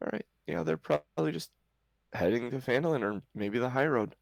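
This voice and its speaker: A man's voice: mid-range voice, normal speed, gravelly, no echo, clean studio sound, voice pushed up, close to an everyday voice. A man voicing a friendly, polite young woman traveling companion in a tabletop game. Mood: casual. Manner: polite, easygoing.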